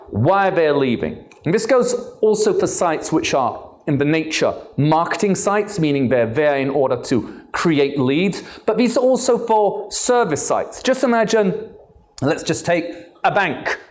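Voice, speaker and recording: A man in his fifties with an English accent gives an engaging conference talk, putting questions to the audience and joking along the way. His voice sits a little high for a man. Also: a little mellow. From born in England, raised in Israel. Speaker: conference speaker.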